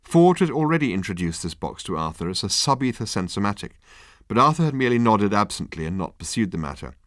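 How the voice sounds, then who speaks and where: A man reading an audiobook in a wry, measured storytelling voice. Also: lowish voice, sing-song, a bit bright, no room sound, clean studio sound. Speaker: audiobook narrator. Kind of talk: scripted narration.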